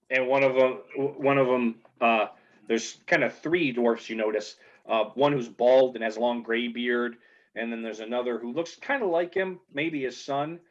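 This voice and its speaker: A man narrating as game master of a tabletop game in a relaxed, halting way, full of fillers, on dull lo-fi audio. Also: medium pitch.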